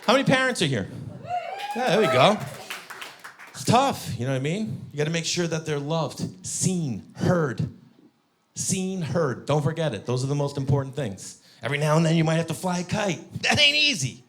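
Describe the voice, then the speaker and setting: A man in his thirties tells stories from a comedy stage, and his voice swings widely from low asides to high, squeaky character bits. His tone is bright and forward, with a quick, animated storyteller's delivery. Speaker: stand-up comedian. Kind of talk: stand-up comedy set. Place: comedy stage before a live audience.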